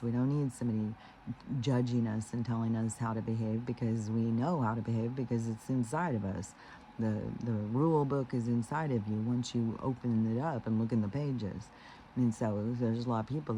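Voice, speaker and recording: A man giving a rambling spiritual monologue, full of fillers and restarts and slowing down on his key phrases. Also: mid-range voice, dark tone, slight background noise, low-quality recording. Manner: meandering, heavy with fillers and restarts; earnest, slows down on key phrases. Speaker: spiritual vlogger.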